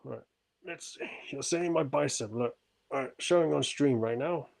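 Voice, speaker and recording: A man's voice: medium pitch, moderate pace, creaky, a little mellow, no echo. A man from the UK chatting on his livestream, answering viewers politely and earnestly after a stretching session. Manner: polite and earnest, often thankful; talks while stretching and working out.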